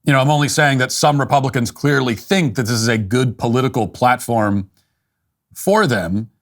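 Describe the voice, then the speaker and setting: A man's voice: medium pitch, normal speed. A man hosting a political commentary show, talking in a dry, dismissive way with frequent restarts.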